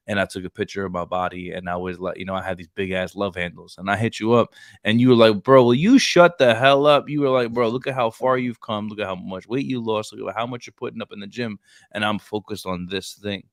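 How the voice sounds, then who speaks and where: A man's voice: fairly low pitch, dry recording, studio quality. A man in his thirties co-hosting a casual chat, telling stories loosely with lots of "like" and "bro". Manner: storytelling, says "like" and "bro" a lot. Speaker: podcast co-host.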